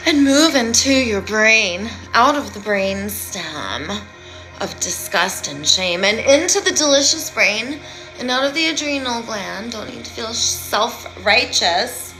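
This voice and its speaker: Bright, theatrical woman streamer. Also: a little high, animated, takes it slowly, soft background music, rough recording. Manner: rambling, playful, dramatic, swings between loud and hushed. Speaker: self-styled healer and live streamer. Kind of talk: theatrical live-stream monologue.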